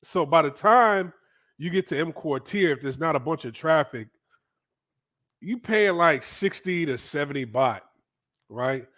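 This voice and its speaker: Animated, profane storytelling man. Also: fairly high pitch, a little slow, long pauses. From United States. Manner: animated, profane, frequent "right?" asides. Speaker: vlogger. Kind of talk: casual storytelling.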